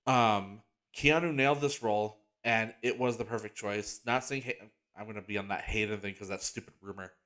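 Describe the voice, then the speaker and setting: A man's voice: fairly low pitch, steady tone, normal speed, fairly bright tone. A man hosting his own podcast in a casual solo chat, rambling and enthusiastic, with lots of "like" fillers and restarts. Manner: gets emotional and earnest about a heartfelt topic. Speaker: podcast host.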